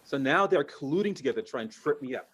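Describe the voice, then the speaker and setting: A man's voice: medium pitch, animated, fast talker, a bit bright, breathy edge. A man performing stand-up comedy over a video call, telling stories animatedly and jumping into character voices.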